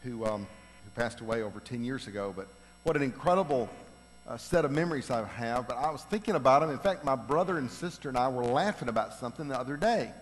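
A middle-aged man telling humorous family stories to a congregation, animated and building to loud, laughing punchlines. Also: medium pitch, fast. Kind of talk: humorous personal storytelling. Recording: long reverb of a large hall.

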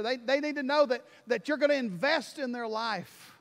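A man preaching a sermon, telling a story in an animated way and building to loud, emphatic peaks. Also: extremely high pitch, normal speed, few pauses, big-room sound. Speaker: pastor.

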